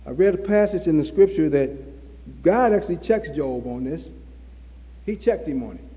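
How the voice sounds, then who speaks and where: A man delivers a sermon in a high but mellow voice, hammering his points through repetition. His words ring out with a long hall reverb around them. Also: animated, normal speed. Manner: repetitive, emphatic preaching with restarts. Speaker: preacher.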